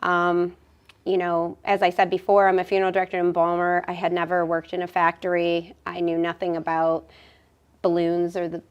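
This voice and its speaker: A woman from Northern Ohio, answering interview questions in a measured, hesitant way with many pauses. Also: fairly low pitch, monotone, smooth, muffled recording. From Northern Ohio, USA. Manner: measured, hesitant, lots of ums. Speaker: guest, business owner.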